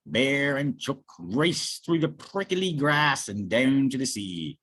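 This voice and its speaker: A reader telling a picture book aloud in a slow, expressive way, voicing sound effects along the way. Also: mid-range voice, slight background noise. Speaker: storybook reader. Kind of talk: storybook read-aloud.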